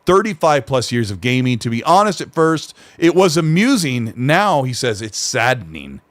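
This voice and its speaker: A man's voice: mid-range voice, sing-song, normal speed, no echo. A man hosting a casual live-stream podcast, reading viewer messages aloud in an easygoing, slightly nasal voice. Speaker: podcast host.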